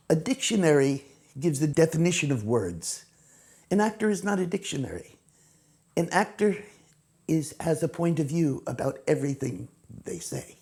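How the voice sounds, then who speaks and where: Acting teacher, woman, low gravelly voice, lively and expressive. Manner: animated, acts out examples in quoted voices. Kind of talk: teaching talk to camera.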